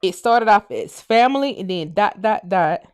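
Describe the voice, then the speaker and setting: A woman with a Southern US accent hosting a casual livestream, ranting loudly, cursing and laughing as she talks. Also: medium pitch, lively intonation, normal speed, clear, resonant tone. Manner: loud, profane and laughing. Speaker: livestream host.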